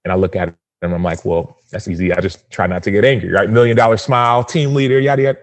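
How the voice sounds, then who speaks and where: Podcast guest, thirties, male: deep, earnest, lively storyteller, dry recording. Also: quick pace, no echo. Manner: earnest, animated storytelling with acted-out quotes. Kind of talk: personal storytelling.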